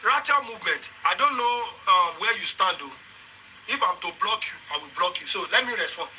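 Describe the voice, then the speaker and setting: A man's voice: high voice, animated, fairly quick, bright, forceful tone, a little hiss or hum, rough recording. Confrontational Nigerian man hosting a livestream. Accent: Nigerian, mixing Yoruba and pidgin. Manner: confrontational, repeats pointed questions. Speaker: livestream host. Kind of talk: live social media commentary.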